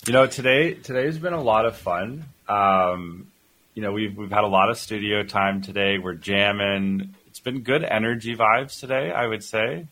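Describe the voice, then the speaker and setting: Guy co-hosting a podcast, lowish voice, rambly and playful, keeps restarting. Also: moderate pace, pushed and bright, rough recording. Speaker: co-host. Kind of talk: casual chat.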